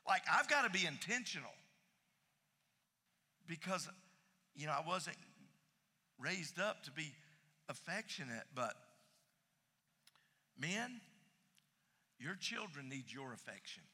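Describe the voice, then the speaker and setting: Guy preaching, super bright voice, kinda high, long hall echo, repeats himself for punch. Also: very animated, slow, long pauses, slightly rough. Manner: emphatic preaching, repeats phrases, swings loud and soft. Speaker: pastor. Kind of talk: sermon.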